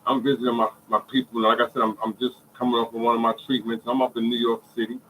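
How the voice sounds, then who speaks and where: A man telling his own story in a casual, animated way, repeating phrases and checking in with listeners. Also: mid-range voice, fast talker, a little hiss or hum, rough recording. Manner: animated storytelling, many repeated phrases, often asks "you hear me". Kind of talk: casual spoken testimony.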